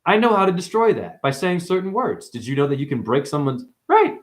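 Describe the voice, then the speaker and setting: A man giving a rambling spiritual livestream monologue, profane and full of sudden jumps in pitch. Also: very animated, fairly quick. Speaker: spiritual vlogger.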